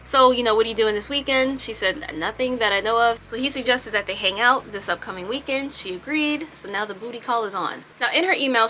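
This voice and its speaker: A woman telling a storytime on her home vlog, chatty and animated. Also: mid-range voice. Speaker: vlogger.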